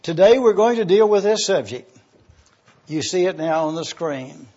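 Male pastor, high and husky, unhurried sermon delivery, dull lo-fi recording. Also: lively intonation, warm tone. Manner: slow, deliberate teaching cadence with listed points.

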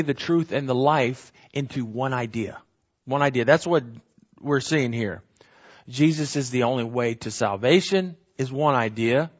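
A man's voice: fairly high pitch, dull audio. A man teaching a verse-by-verse Bible study, earnest and emphatic, repeating key phrases and correcting himself as he explains.

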